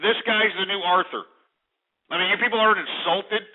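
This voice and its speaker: A man's voice: high-pitched, fairly even intonation, brisk. A man, hosting a talk radio show in an angry, profane, rambling rant. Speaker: radio host. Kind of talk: ranting talk radio monologue. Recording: tinny phone-like radio archive.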